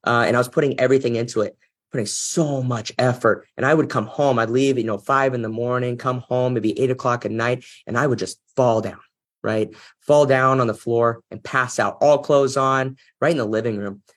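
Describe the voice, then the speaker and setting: A man with a slightly husky, mid-pitched voice tells a personal story as an interview guest. He speaks earnestly and reflectively, with real feeling behind his words. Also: steady tone, moderate pace. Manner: earnest, reflective, emotional at times. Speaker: podcast guest, business executive.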